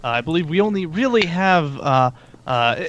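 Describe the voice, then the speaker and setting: A man's voice: on the high side, animated, moderate pace, fairly bright tone. A man co-hosting a gaming podcast, teasing in a playful, mock-formal way with many hesitations. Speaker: podcast co-host. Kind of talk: casual chat. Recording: dull lo-fi mic with faint room hum.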